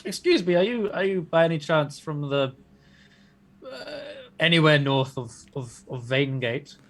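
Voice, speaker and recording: A man's voice: fairly high pitch, measured pace. A man playing a tabletop game, stammering and hesitant as he speaks in character. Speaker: player. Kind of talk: tabletop role-play.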